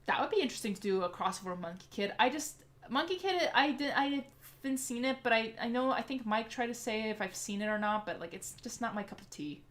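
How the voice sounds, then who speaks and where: A woman's voice: a little high, quick pace. A woman hosting a casual livestream Q&A, chatty and eager as she answers viewer comments aloud. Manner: eager and excitable. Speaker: livestream host.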